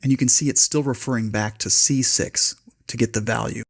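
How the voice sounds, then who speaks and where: Man, husky voice, methodical step-by-step tutorial, mid-pitched. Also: fairly even intonation, brisk. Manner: methodical, dictating formula step by step. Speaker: spreadsheet tutorial host. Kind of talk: screen-recorded software tutorial.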